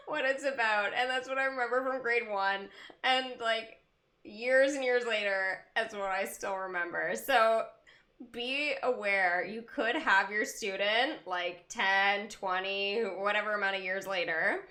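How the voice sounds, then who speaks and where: Bright, giggly young woman host chatting with her live viewers, rambling and easily amused. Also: medium pitch, unhurried. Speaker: livestream host. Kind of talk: casual chat with live chat viewers.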